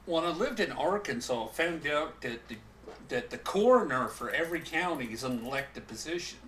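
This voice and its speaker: A man's voice: a little high, animated, moderate pace, a bit bright, a little hiss or hum. A man hosting a casual podcast chat, rambling and stop-start, often restarting his sentences. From living in Oklahoma. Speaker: podcast host.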